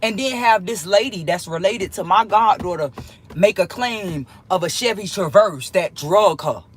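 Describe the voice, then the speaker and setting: A woman's voice: medium pitch, normal speed, breathy edge. A woman talking straight to her viewers, telling a heated story with plenty of swearing and repeating lines for emphasis. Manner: swears freely. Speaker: vlogger.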